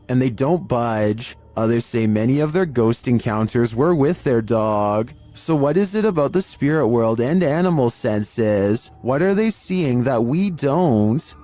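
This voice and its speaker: A man giving scripted narration for a creepy video compilation in a measured, deliberate storytelling manner. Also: medium pitch, warm tone.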